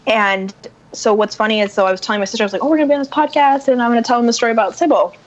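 A woman's voice: fairly high pitch, rapid-fire. A woman guest on a podcast, telling a story in casual talk and acting out what others said. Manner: animated, acts out quotes. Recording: dull lo-fi sound.

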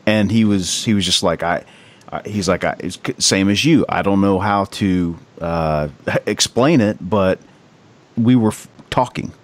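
A man chatting casually in a relaxed way, reacting with short remarks. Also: deep voice, measured pace. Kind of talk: casual chat.

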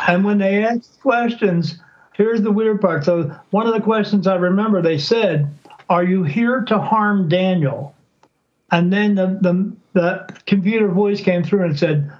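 On this recording the highs are cut off, but you can hear a high-pitched, unhurried man telling a story. He's a psychic guesting on a podcast in a relaxed interview, and he animatedly shifts his voice to play the people he quotes.

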